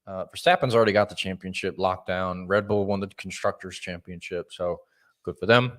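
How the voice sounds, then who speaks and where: A man's voice: sits low, steady tone, a little fast, fairly bright tone. A man co-hosting a casual car podcast, bringing up news and swearing indignantly. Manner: indignant, swearing, newsy delivery. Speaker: podcast co-host. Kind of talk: casual profane car chat.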